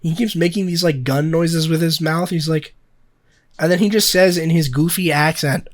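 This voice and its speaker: Young man, fairly high voice, casual podcast chat, rambling, profane. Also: moderate pace. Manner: rambling, profane, filler-heavy. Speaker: podcast co-host.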